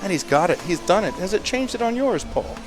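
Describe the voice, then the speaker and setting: A man commenting live on a race in a chatty, self-deprecating way, with excitable bursts. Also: high-pitched, fairly quick, over music. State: a little out of breath.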